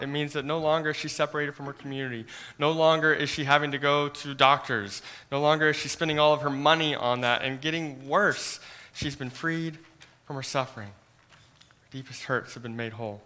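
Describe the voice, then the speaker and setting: A man delivering a sermon with a bright, forward voice. He speaks earnestly, often sinking into a quiet hush, and stumbles over repeated words at the start of his phrases. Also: a little high, clean tone. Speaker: pastor.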